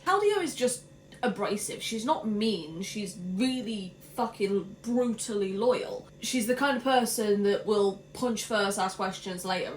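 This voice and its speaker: A woman's voice: a little high, slight background noise. A young British woman chatting casually in a book vlog, swearing freely and ranting with mock outrage. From Britain. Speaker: book vlogger.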